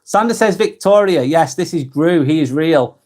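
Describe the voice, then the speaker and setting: A man in his forties with a Lancashire accent, talking on a live stream in a voice a touch higher than most men's. He reads viewer comments aloud in a casual, friendly way and often stops to restart or correct himself. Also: expressive, moderate pace, a little mellow. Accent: Lancashire English. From England. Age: 40s. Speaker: live vlog host.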